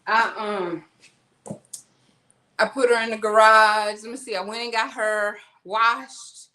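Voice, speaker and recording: A woman's voice: a little high, fairly even intonation, slow pace, sharp tone. Chatty woman vlogging at home. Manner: chatty, rambling, talks to viewers as y'all. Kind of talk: casual chat while unpacking groceries. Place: at home, kitchen. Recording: echoey room, faint noise.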